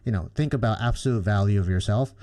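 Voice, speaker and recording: A man's voice: lowish voice, fast talker, darkish tone. A man hosting a podcast interview, speaking thoughtfully and rambling a little with fillers. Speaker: podcast host.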